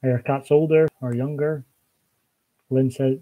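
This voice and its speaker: A man's voice: mid-range voice, steady tone, measured pace, narrow, tinny audio. A man with a Scottish accent, hosting a casual live stream and chatting with viewers while reading out their comments. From Scotland.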